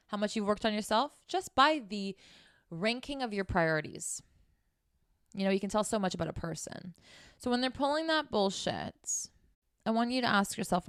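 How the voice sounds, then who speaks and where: A woman's voice: medium pitch, no room sound, clean studio sound. Blunt, swearing woman dating coach. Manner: blunt, scolding, heavy swearing; casual, conversational. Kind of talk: advice monologue.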